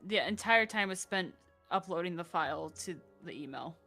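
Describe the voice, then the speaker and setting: A woman's voice: lowish voice, expressive, moderate pace, bright, forceful tone, soft background music. A woman chatting casually on a live stream, giggly and playful in her banter.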